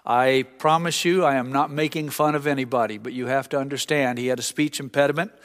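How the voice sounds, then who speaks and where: A man's voice: mid-range voice, fairly even intonation, fairly quick, a bit bright, long reverb tail. A man preaching a sermon, telling stories earnestly and acting out the voices of people in them. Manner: earnest storytelling, acts out voices. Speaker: pastor.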